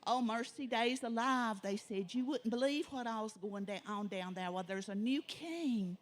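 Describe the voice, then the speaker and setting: A woman's voice: a little high, a little slow, lightly acted. A woman voicing a bunch of eager, gossiping young mountain fellows. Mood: gossipy.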